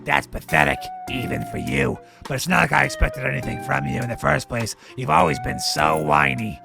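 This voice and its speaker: A man's voice: medium pitch, big pitch swings, moderate pace, creaky, music in the background. A man voicing a sneering, cruel young bully who taunts and mocks in a live-streamed game reading. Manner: mocking and taunting.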